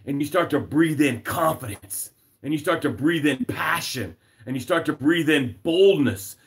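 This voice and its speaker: An emphatic man coaching viewers through a live motivational stream from home. He drives his points with repeated phrases and reads comments aloud, his pitch leaping up and dropping low. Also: lively intonation, moderate pace. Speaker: success coach hosting a live broadcast. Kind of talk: motivational livestream talk.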